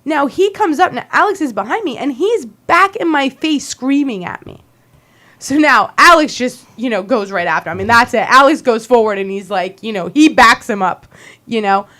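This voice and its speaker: A woman co-hosting a talk show, her voice high and full of swoops as she acts out both sides of a shouting match. She tells the story with rising heat. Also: animated, moderate pace. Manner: retells an argument, voicing both sides with raised intensity. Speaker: co-host.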